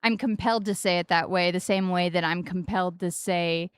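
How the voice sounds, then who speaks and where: A woman in her forties chats casually on a game stream, close on the mic in a dry, deadened room. Her voice is smooth and clear, and she playfully leaps into high, sing-song stresses on the wrong syllables. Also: fairly even intonation, fairly quick, dry recording. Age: 40s.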